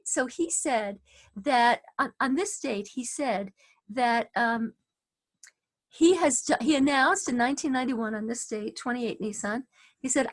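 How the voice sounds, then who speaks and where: A woman's voice: fairly high pitch, unhurried. A woman teaching an online class over a video call, chatty and full of fillers and restarts.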